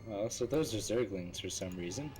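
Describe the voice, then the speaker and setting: A man's voice: lowish voice, expressive, moderate pace, low-quality recording. A man chatting and joking in casual gaming banter with friends over voice chat. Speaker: gamer on stream.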